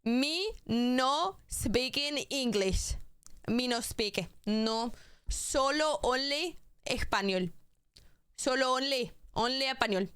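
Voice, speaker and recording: A woman streamer putting on a playful pretend Spanish speaker who insists she speaks no English, with slow, exaggerated, halting phrases. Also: sits high, expressive, fairly bright tone, clean tone, no echo, pitched above the performer's own voice, exaggerated voice. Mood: teasing.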